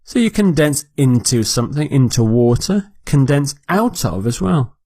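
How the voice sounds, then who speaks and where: A man teaching English vocabulary, repeating each word clearly and explaining it for learners. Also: medium pitch, big pitch swings, moderate pace, darkish tone, dry recording. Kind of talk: slow, deliberate vocabulary lesson.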